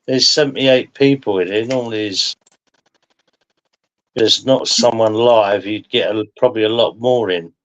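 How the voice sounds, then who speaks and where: A man's voice: fairly low pitch, moderate pace, poor audio. A man who hosts a live stream, chatting casually and telling rambling stories that he laughs through. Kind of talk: casual chat.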